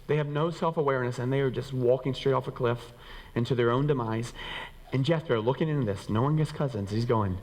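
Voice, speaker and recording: A man preaching a sermon as a pastor to his church, animated, acting out quoted voices and swinging between raised and lowered pitch. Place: church sanctuary. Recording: reverberant hall.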